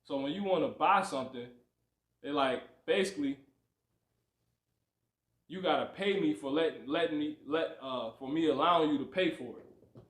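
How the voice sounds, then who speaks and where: On a livestream, a scripture teacher with a rather high voice delivers a preachy, repetitive Bible lesson at normal speed, leaving long pauses between animated swings. He often asks "you see?" and repeats "you know what I'm saying", and the room sounds roomy.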